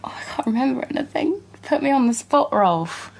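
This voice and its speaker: A woman's voice: sits high, lively intonation, fairly quick, gravelly. A woman, an actress, chatting in an interview in a bubbly, slightly flustered way. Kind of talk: interview chat.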